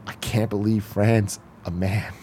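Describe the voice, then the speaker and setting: A man's voice: on the low side, measured pace, slight background noise. A young man telling a story in casual podcast chat, swearing freely and acting out the people he quotes. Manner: profane, animated, acts out quoted people. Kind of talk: casual storytelling among friends.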